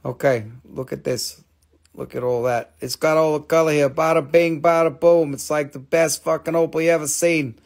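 Brash wiseguy rock dealer, a man putting it on, gravelly voice pitched up, loud, joking, profane. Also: steady tone, normal speed. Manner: swaggering, profane, joking sales patter.

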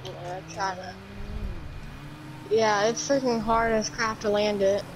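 A woman's voice: mid-range voice, fairly even intonation, a little slow, a little hiss or hum, poor audio. A woman in casual game chat, flustered and exclaiming about her plane. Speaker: gamer in voice chat.

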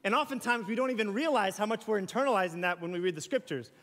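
A man preaches in a church, chatty and animated, tossing in playful asides. His voice sits high for a man. The sound rings with the long reverb of a large hall. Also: fast talker. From US South. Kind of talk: sermon. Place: church sanctuary.

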